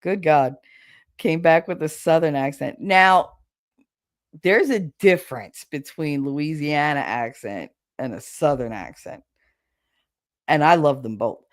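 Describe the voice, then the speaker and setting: A woman's voice: low-pitched, unhurried, no room sound, clean studio sound. A middle-aged woman with a thick American accent, hosting a casual livestream chat, swearing casually and laughing often. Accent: thick regional American accent. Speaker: livestream host. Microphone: livestream setup.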